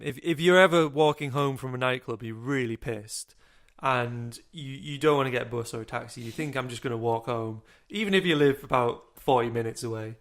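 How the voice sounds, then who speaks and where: A man's voice: mid-range voice, a bit bright. A young man co-hosting a casual podcast, telling a long rambling story with casual swearing. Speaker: podcast co-host.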